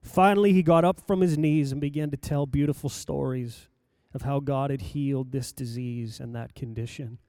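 An older man preaching, telling a personal story in a lively anecdotal way with acted-out quotes. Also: medium pitch, normal speed, few pauses, dry recording. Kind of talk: sermon storytelling.

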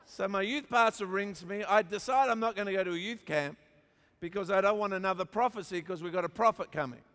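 An Australian pastor with a high-pitched voice preaches to a church crowd, mixing humor with emphatic, repeated build-ups. His words carry a long reverb from a large hall. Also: a little fast, fairly bright tone. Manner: storytelling with humor, emphatic repetition. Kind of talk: sermon.

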